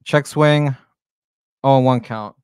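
Male amateur play-by-play streamer, smooth clear voice in a dry room, excitable and jokey. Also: medium pitch, slow, dry recording. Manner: excitable, jokey, swears, shouts on big plays. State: out of breath. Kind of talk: live amateur play-by-play commentary.

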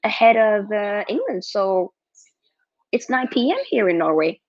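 A young woman hosting a live football watchalong from home, excitable and reading out viewer chat. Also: medium pitch, a little slow, no echo. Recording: dull lo-fi dry mic.

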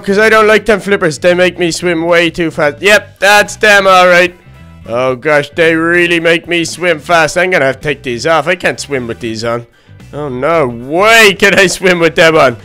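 A childlike, easily flustered baby duck, voiced by a man talks himself through a Minecraft role-play, full of "oh, gosh" exclamations. The voice sits a touch high, bright and very clean. Faint music plays underneath. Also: moderate pace, clear, resonant tone. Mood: fussy. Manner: rambling self-talk full of "oh, gosh" exclamations. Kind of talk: game role-play narration.

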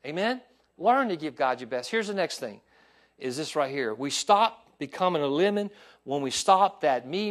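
Pastor, male, high-pitched, lively pulpit delivery, asks congregation for responses. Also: normal speed. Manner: animated preaching with call-and-response asides. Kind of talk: sermon. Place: church sanctuary.

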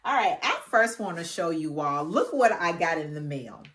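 A woman with a lowish, animated voice speaks at a moderate pace as she hosts a Christian finance channel. She addresses viewers warmly and familiarly, folksy and preacherly, reading scripture aloud and praying earnestly in this casual faith-based teaching.

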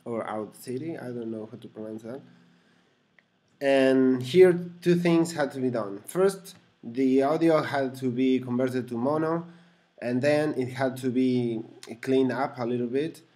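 A man's voice: medium pitch, measured pace, mellow. A man speaking English as a second language, casually walking through a computer project with many fillers and self-corrections. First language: not English. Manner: chuckles to himself now and then. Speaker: hobbyist explaining a computer project. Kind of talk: casual screen-recorded walkthrough.

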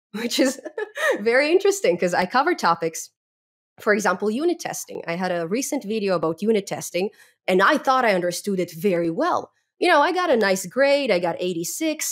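A young adult woman with a non-native English accent, chatting as a podcast guest, lively and laughing often between fillers. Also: medium pitch. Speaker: podcast guest, Python educator. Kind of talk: casual interview chat.

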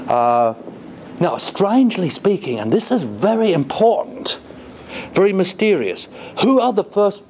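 A man's voice: on the high side, darkish tone, slight background noise. A man giving a college lecture in a classroom. He talks in a thoughtful, hesitating way and keeps asking the class rhetorical questions.

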